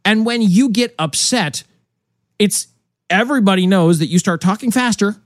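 A man co-hosting a casual political chat, talking in an animated, mocking way and often breaking into laughs. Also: high voice, moderate pace, no room sound, clean studio sound. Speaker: podcast co-host.

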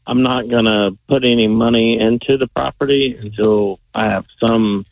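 Gravelly man on a tinny phone line. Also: mid-range voice, fairly even intonation, moderate pace, no room sound. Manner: hesitant, many ums and restarts. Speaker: caller. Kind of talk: phone call to a radio show.

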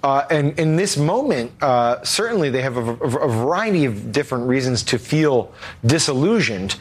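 A male political guest giving halting, analytical commentary. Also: medium pitch, very animated.

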